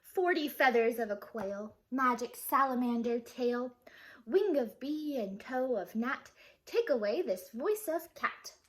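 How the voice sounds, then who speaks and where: A woman's voice: on the high side, expressive, takes it slowly, voice pushed up. A woman reading as a chanting old wizard. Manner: rhythmic chanting of rhymes. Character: tired old male wizard casting spells.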